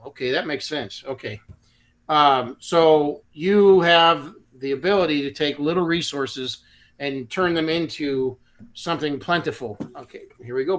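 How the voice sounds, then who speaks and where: A man doing a chatty, laid-back tarot reading on a live stream, with frequent restarts. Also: on the high side. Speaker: tarot reader.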